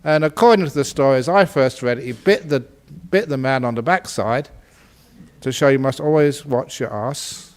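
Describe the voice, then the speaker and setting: A man's voice: mid-range voice, normal speed. A man, a Buddhist monk, telling a humorous teaching story in a playful way and laughing at his own jokes. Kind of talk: humorous storytelling dharma talk.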